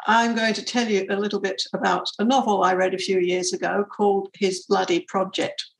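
A woman's voice: medium pitch, level tone, a little fast, gravelly, a little hiss or hum, rough recording. A woman interviewer giving an enthusiastic, prepared introduction of a guest author. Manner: enthusiastic, warmly admiring.

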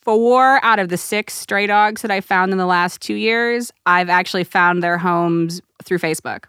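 A woman co-hosting a casual radio talk show in a studio, chatty and animated as she tells stories. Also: mid-range voice, normal speed, clean tone, dry recording. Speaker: radio co-host and rescue director. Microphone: studio microphone.

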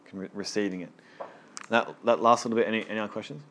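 A man's voice: lowish voice, steady tone, fast, fairly bright tone, a little hiss or hum. A man leading a small Bible study group, teaching casually and earnestly, often repeating words as he gets going.

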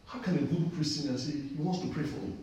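A man's voice: a little high, quick pace, warm tone, a little hiss or hum. A man preaching a sermon, telling a personal story and repeating phrases for emphasis. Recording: echoey distant room recording.

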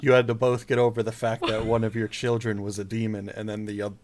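A man chatting casually with dry, low-key remarks. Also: monotone, quick pace, a little mellow. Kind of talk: casual chat.

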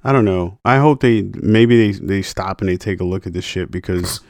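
A man's voice: low-pitched, moderate pace, darkish tone, dry recording. A young man co-hosting a casual podcast, arguing stubbornly and swearing as he rants. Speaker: podcast co-host. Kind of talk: casual chat.

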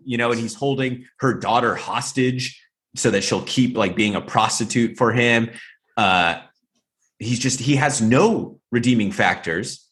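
Here a podcast co-host speaks at medium pitch, a little slowly, with a somewhat bright sound. His casual film talk meanders and is full of fillers, and he slips into different voices to perform lines from movies.

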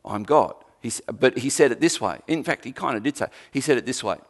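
A man preaching a sermon, emphatic with dry humour, swinging from forceful peaks to quiet, low passages. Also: lively intonation, quick pace. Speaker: pastor.

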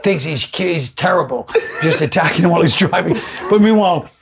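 A man's voice: a little high, fast talker, vocal fry, noisy background. A man, a guest comedian, telling rambling, profane anecdotes in a casual chat.

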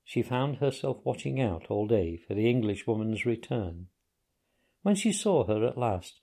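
A man calmly narrating a story in a measured, unhurried way. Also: medium pitch. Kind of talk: audiobook narration.

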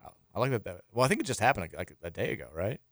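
A man's voice: lowish voice, very animated, rapid-fire, fairly bright tone, no room sound, studio quality. Rambling male sports radio host. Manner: loose and rambling, with frequent restarts and chuckles. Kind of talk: casual sports radio talk, reading listener texts. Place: radio studio.

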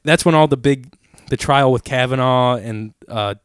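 A young man in casual chat, telling rambling, animated stories full of fillers and swearing. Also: medium pitch, normal speed, clear, resonant tone, no echo, clean studio sound.

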